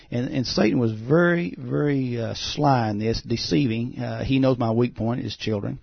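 A pastor telling a testimony as a guest on a talk show, halting and full of "uh" fillers. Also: male voice, fairly low pitch, fairly even intonation, vocal fry, dry recording. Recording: dull, muffled sound.

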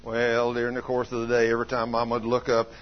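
A man preaching a sermon, telling folksy stories and swinging from loud to hushed. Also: medium pitch, monotone, fast. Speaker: pastor. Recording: dull lo-fi sermon recording.

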